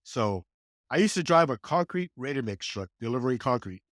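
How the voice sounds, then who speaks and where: Man in his 60s from California, mid-pitched, very lively intonation, animated storyteller, dry close sound. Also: brisk, no room sound. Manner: animated, acts out quoted dialogue with lively pitch jumps. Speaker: podcast guest. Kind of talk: conversational storytelling.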